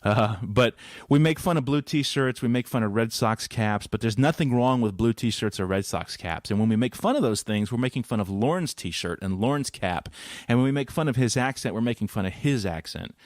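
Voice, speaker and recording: A man's voice: medium pitch, moderate pace, no echo, clean studio sound. A man hosting an interview, talking in an earnest, rambling way with asides. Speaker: host. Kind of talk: podcast interview.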